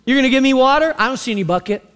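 A man's voice: very high-pitched, expressive, a bit bright, smooth, in a large hall, voice pushed up. A preacher putting on a sassy, sarcastic woman. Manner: mocking, incredulous, quick retorts.

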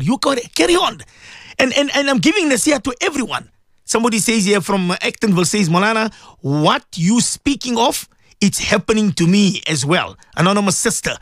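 A man's voice: sits high, expressive, brisk, fairly bright tone, no room sound, studio quality. A man presenting a morning radio show, delivering an impassioned sermon-style talk with emphatic repeated phrases.

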